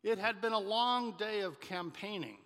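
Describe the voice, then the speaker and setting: High-voiced, bright preacher in a church. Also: male voice. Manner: storytelling, measured, with some restarts. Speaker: pastor. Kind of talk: sermon. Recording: reverberant church hall.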